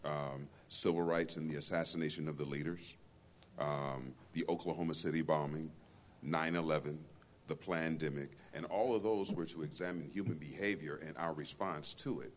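A man's voice: rumbling low, steady tone, moderate pace, slight background noise. A man from the congregation speaking up from the floor, hesitant and searching for his words. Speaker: church member asking a question. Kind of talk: question from the floor.

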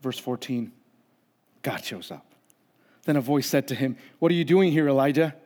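Male pastor, conversational sermon delivery, mid pitch, reverberant church hall. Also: normal speed, darkish tone. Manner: conversational, acts out quoted voices with humor. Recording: long reverb of a large hall.

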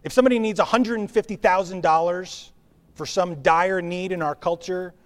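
A man preaching a sermon as pastor, with a conversational, animated delivery. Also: high voice, normal speed. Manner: animated, conversational preaching with acted-out crowd voices.

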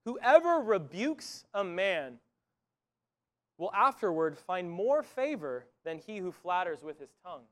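High-voiced man preaching earnestly. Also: sing-song, unhurried. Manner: earnest, conversational preaching with frequent restarts. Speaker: pastor. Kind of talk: sermon.

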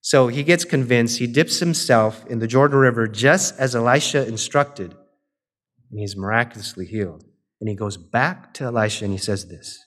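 A man preaching, who retells scripture in casual everyday speech and acts out the quoted characters. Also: mid-range voice. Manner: slows and softens into a quiet, drawn-out litany near the end. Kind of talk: sermon.

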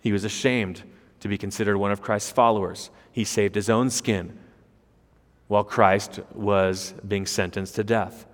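A man's voice: lowish voice, steady tone, measured pace. Emphatic male preacher in a reverberant hall. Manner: emphatic, with rhetorical questions and repeated words. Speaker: pastor. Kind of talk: expository sermon. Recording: long reverb of a large hall.

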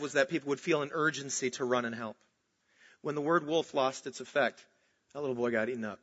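A man preaching a sermon, moving between animated storytelling and soft, earnest emphasis. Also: mid-range voice, quick pace, husky, muffled recording. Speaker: pastor.

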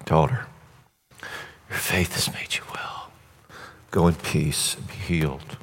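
A man voicing a gentle male teacher who calls out to a crowd and speaks tenderly. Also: medium pitch, wildly swooping pitch, unhurried, vocal fry, breathy edge, pitched above the performer's own voice, full character voice. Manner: soft and tender. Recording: echoey hall reverb.

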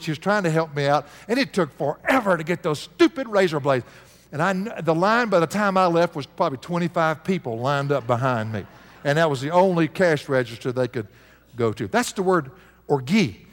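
A man's voice: high voice, a little fast. An older man preaching a sermon as a pastor, telling stories and repeating key words for emphasis. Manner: storytelling preacher, animated and repetitive for emphasis. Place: church sanctuary. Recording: long reverb of a church hall.

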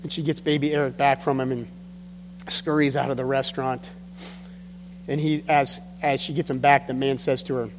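A man's voice: medium pitch, little pitch movement, a little fast. A man preaching a sermon as pastor, telling stories in an earnest, emphatic way. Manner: earnest storytelling with emphatic drops. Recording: long hall reverb with faint hum.

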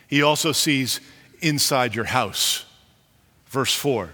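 A man preaching a sermon as a pastor, animated, and acting out the people he quotes. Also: takes it slowly, long pauses. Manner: animated, acts out quoted leaders with rising pitch. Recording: long hall reverb.

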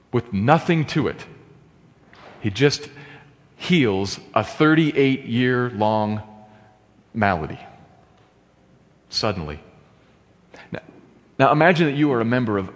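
A male pastor delivering a sermon at a middle pitch. He moves from calm explanation to impassioned outbursts and pointed rhetorical questions. His voice carries a long reverb tail, as from a large hall.

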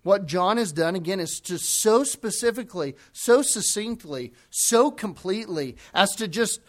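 A man delivers a sermon in a fairly high voice. He talks emphatically and stretches out the phrases he wants to drive home. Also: expressive. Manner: emphatic, slows down to stress key phrases. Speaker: preacher.

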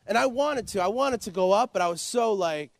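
Guy with a high voice rambling through his life story, dry close sound. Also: lively intonation, brisk, dry recording. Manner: rambling, repeats himself, lots of "you know" and "like". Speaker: interview guest. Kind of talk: personal testimony, casual storytelling.

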